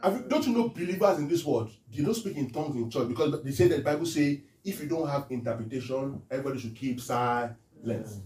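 A man preaching an interactive sermon as pastor. He questions the congregation and reads scripture aloud slowly. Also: medium pitch, expressive, a little mellow. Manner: call-and-response questions to the congregation. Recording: echoey room, voice from a distance.

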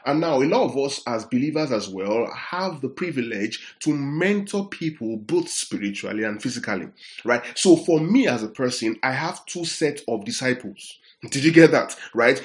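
Male preacher teaching with steady repetition. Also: medium pitch. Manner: repeats "are we together?" to check the audience; explains words slowly, restating points. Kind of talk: sermon teaching.

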